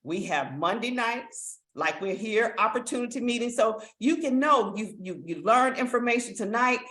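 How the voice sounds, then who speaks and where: A woman hosting a live online business opportunity meeting, giving an enthusiastic sales pitch that urges listeners to act, heard over a video call. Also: expressive, moderate pace, pushed and bright, reverberant. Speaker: network marketing meeting host.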